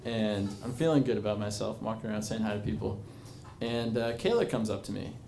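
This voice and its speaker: In an echoey bar over crowd chatter, a twenty-something man spins a meandering, self-deprecating tale laced with fillers. His voice is lowish, gravelly and mellow, and he talks fairly quickly.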